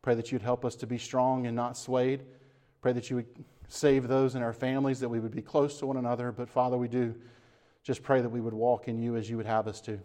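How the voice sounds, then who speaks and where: A man's voice: medium pitch, level tone, fairly quick, warm tone. A man preaching a sermon as pastor, earnest and emphatic with repeated phrases, then leading a closing prayer.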